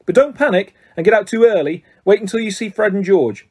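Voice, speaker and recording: A man's voice: sits high, animated, a little fast, darkish tone, pitched above the performer's own voice. A man doing an earnest schoolboy friend.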